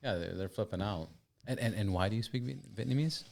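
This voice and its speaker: A man's voice: fairly low pitch, fairly quick, creaky, a little mellow. A man hosting a casual podcast interview, easygoing, chiming in often and laughing along. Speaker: podcast host.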